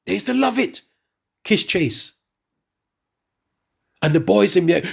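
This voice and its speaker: A middle-aged man ranting in a monologue and reading scripture to the brethren, animated and repetitive, often stumbling over restarts. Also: sits high, takes it slowly, gravelly, pauses often, husky. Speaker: religious speaker addressing the brethren.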